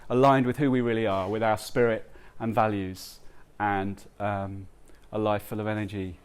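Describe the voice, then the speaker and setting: A man giving a heartfelt, halting talk to a live audience at a book launch, with many pauses and restarts. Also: fairly low pitch, little pitch movement, smooth. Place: live event before an audience.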